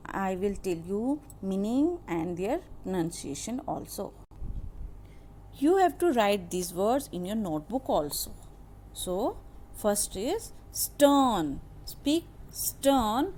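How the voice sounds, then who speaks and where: A woman teaching an English lesson who explains new words slowly and repeats them for her students. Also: mid-range voice, dark tone, a little hiss or hum. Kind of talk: classroom lesson.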